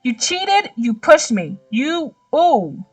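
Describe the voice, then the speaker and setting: Sore-loser young woman, snippy and fiery, read by a woman gamer, lightly high. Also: very animated, normal speed, a bit bright, no echo, recorded from a distance, soft background music. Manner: snippy, complaining. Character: feisty, competitive young woman who hates losing.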